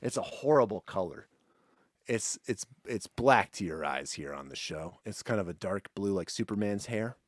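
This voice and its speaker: A man co-hosting a casual livestream chat, blunt and quick to swear, talking into a desk microphone. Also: fairly low pitch, lively intonation, dry recording, studio quality. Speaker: co-host.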